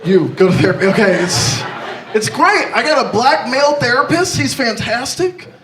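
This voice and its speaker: A young man performing a stand-up set, brash and confessional, talking in an animated way. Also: very high-pitched, normal speed. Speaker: stand-up comedian. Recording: roomy echo, mic far off, noisy.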